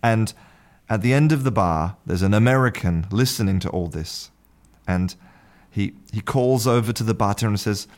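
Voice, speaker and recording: A man with a very low voice hosts a casual English-learning podcast. He explains words in an easy, relaxed way. He often stops to spell them out letter by letter. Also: normal speed. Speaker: podcast host and English teacher. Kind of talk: casual spoken lesson.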